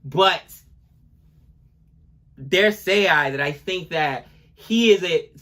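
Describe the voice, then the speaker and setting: A man's voice: high voice, slow pace, sharp tone. A man in his forties chatting casually as a co-host of a music reaction video. He rambles and gushes, often checking in with "you know what I mean". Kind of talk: casual chat.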